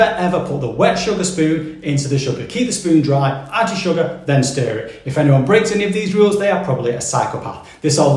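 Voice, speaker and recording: A man's voice: on the high side, darkish tone, reverberant. A British man narrating a scripted cultural guide in a playful, jokey way with sarcastic asides. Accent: British English. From Britain.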